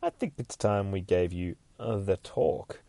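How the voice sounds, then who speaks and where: A man putting on a middle-aged father, calm and knowing, who speaks gently and quietly. The voice starts high and soft, then sinks lower. It is dry and close-miked. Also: unhurried, creaky, no echo, heavily acted.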